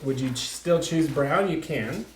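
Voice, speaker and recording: A man's voice: a little high, unhurried, reverberant, a little hiss or hum. A man acting as an art teacher, giving a video art lesson for young children and patiently explaining each step, with frequent fillers.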